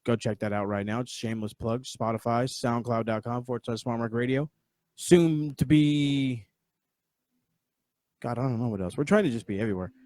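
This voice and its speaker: A man's voice: mid-range voice, normal speed, darkish tone, dry recording, clean studio sound. A man hosting a podcast, giving a casual, rambling, profane review of a wrestling event on a live stream. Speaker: podcast host.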